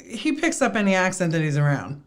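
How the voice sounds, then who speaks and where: A woman's voice: fairly low pitch, sing-song, fairly quick. Woman cohosting a live cruise stream, playful, voice bounces up and down a lot. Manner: chatty and playful, reads out viewer comments. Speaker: co-host of a live cruise show. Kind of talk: casual live-stream chat.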